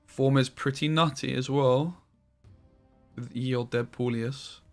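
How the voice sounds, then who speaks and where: A man giving casual gameplay commentary on a stream, swearing freely and quick to get frustrated. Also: mid-range voice, fairly even intonation, soft background music.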